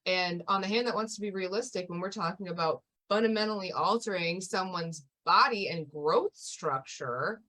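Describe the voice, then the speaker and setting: A woman's voice: lowish voice, normal speed, few pauses, pushed and bright. A woman co-hosting a podcast, talking casually and thoughtfully, hedging and laughing often.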